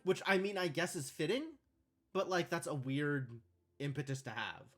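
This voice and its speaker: A man's voice: on the high side, moderate pace, a bit bright. A man streaming a puzzle game live, thinking aloud as he plays.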